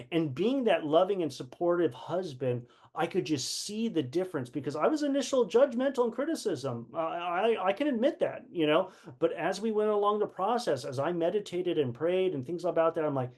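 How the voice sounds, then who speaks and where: A man's voice: high voice, animated, normal speed, hardly any pauses, darkish tone. A man giving an earnest personal leadership lesson, often repeating words and acting out remembered conversations. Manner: earnest, repeats words, acts out quoted dialogue. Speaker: leadership course teacher. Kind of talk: personal teaching talk.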